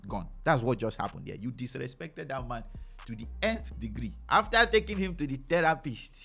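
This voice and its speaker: A man delivers opinionated relationship commentary in a mid-pitched voice. His delivery is very lively, with the pitch swinging widely as he preaches and acts out other people's lines. Soft music plays faintly behind him. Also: normal speed, gravelly. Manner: animated, preachy, acts out quotes.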